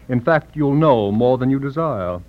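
An actor playing a reasonable, teasing brother with a persuasive, amused manner, in vintage stage-play style. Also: male voice, mid-range voice, lively intonation, measured pace, natural voice. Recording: muffled lo-fi old recording.

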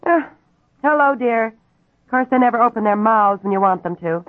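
A woman's voice: a little high, expressive, normal speed, close to an everyday voice. An actress playing a chatty, doting young wife and mother talking on the phone, in 1950s radio acting style. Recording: tinny old radio broadcast recording.

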